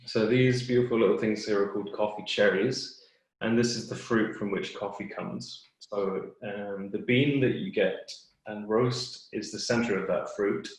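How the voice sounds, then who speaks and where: A man explaining clearly and patiently as a guest expert on a webinar. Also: on the low side, steady tone, moderate pace, heavy reverb, poor audio.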